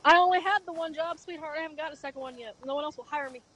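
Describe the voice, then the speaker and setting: High-voiced woman telling crude stories. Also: racing, a bit bright. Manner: blunt, crude, laughing at her own story. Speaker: streamer. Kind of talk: casual storytelling chat.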